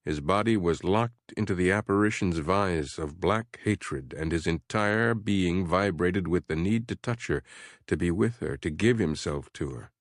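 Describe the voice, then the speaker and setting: A man narrating a horror audiobook in a measured, steady storytelling voice. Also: low voice, no room sound, clean studio sound.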